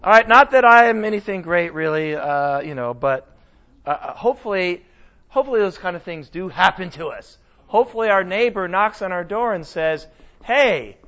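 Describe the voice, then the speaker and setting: A man teaching a Bible lesson in a casual, animated sermon style, often asking his listeners questions. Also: sits high, a little fast, lo-fi sound. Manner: animated, conversational, asks the audience questions.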